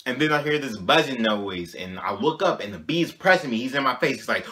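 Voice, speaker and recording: Speaking briskly in a mid-range voice with few pauses, a young man recounts a childhood memory on his casual vlog, lively and full of slang and repeated "you know what I'm saying."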